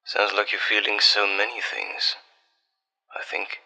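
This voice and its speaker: Man for a whispered role-play: breathy, bright-edged, slow, tender boyfriend on the phone. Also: fairly low pitch, completely flat delivery, poor audio. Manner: soft, tender, reassuring boyfriend on a late-night call. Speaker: ASMR artist.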